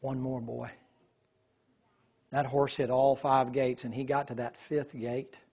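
A man telling a lively story in a sermon, acting out the voices of the people in it. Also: medium pitch, normal speed. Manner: animated storyteller, quotes voices.

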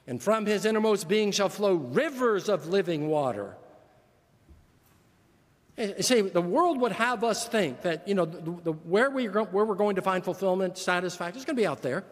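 An older male pastor delivers a sermon in an earnest, emphatic way, stacking repeated phrases to drive his point home. His voice sits high for a man, and the church sanctuary leaves a long reverb trailing behind each phrase. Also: lively intonation, moderate pace.

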